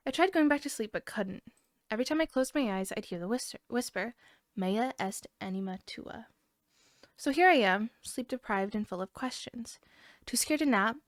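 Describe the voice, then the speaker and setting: A woman's voice: a little high, no room sound, clean studio sound. A young woman co-hosting a podcast, reading a scary online story aloud, giggling and restarting lines as she goes.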